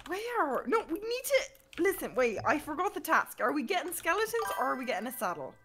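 Bright, high-voiced woman, animated and teasing, casual gaming stream, faint music under it. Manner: teasing, playful, quick to shout.

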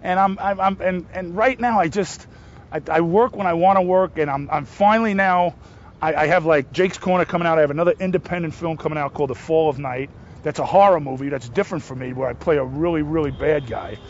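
Brash New Jersey guy in his fifties, high voice, stumbling restarts, slightly muffled outdoor audio. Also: brisk, slight background noise. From New Jersey, USA. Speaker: guest actor. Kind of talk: casual interview chat. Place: outdoors in a city.

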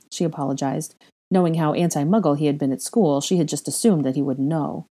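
A woman reading fan fiction aloud in a slow, measured narration. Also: deep voice, warm tone. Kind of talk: audiobook-style narration.

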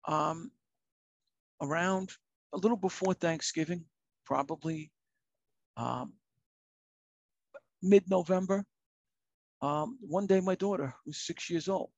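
A middle-aged retired fire captain speaks in a fairly high, gravelly voice with a husky edge. He talks candidly and reflectively in a plain, earnest way. The sound is dry and close, with no room around it. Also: unhurried, long pauses, dry recording, lo-fi sound. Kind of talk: candid personal storytelling.

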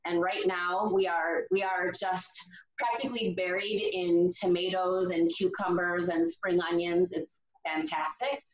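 Upbeat woman co-host with a lower voice; roomy, dull recording. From Chicago area, USA. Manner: enthusiastic, chatty. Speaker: wine show co-host. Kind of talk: casual video-call chat. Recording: roomy, slightly dull video-call audio.

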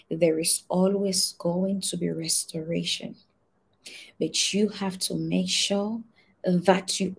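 A woman pastor giving an earnest prophetic testimony and prayer, repeating key phrases and moving between soft murmurs and shouted prayer. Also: mid-range voice, gravelly, slightly rough.

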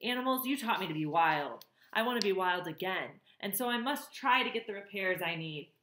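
Storybook robot mother, steady and resolute, a woman reader playing her, echoey room. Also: medium pitch, a little fast, a little hiss or hum. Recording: roomy echo.

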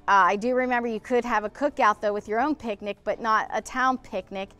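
A woman's voice: fairly high pitch, steady tone, a little fast, bright, forceful tone, smooth, soft background music. A woman hosting a local history vlog outdoors beside a pool, talking in a rambling, emotional way that gets heated, with swearing. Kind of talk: on-location vlog.

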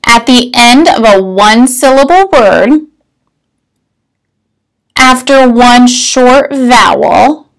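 A woman's voice: fairly high pitch, expressive, slow pace, gravelly, long pauses, low-quality recording. A woman teacher explaining a spelling rule step by step, patient and methodical, often checking in with her students. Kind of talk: recorded spelling lesson.

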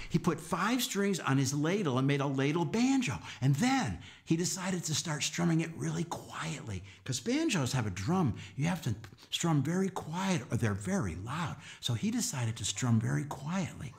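A man telling a story to children, animated and coaxing them to act along and count with him. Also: fairly high pitch, normal speed. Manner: animated, coaxing kids to join in. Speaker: children's storyteller and folk musician.

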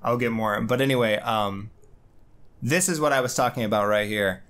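Laughing, swearing comic podcast host. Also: male voice, mid-range voice, normal speed, fairly bright tone. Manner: joking, profane, laughs often. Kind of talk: casual chat.

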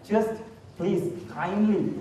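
A man's voice: high-pitched, very slow, warm tone, a little hiss or hum. A man with a Malaysian English accent, teaching a workshop from slides and asking the audience for agreement. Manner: instructive, asks the audience for agreement. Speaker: workshop trainer. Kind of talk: lecture with slides. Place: lecture hall. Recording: echoey hall, distant mic.

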